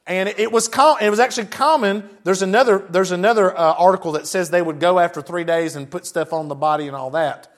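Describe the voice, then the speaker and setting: A high-pitched man preaching and reading Bible passages aloud. He stops often for chatty asides, talking to his listeners in a plain, conversational way. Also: fairly quick, hardly any pauses. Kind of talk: sermon with scripture reading.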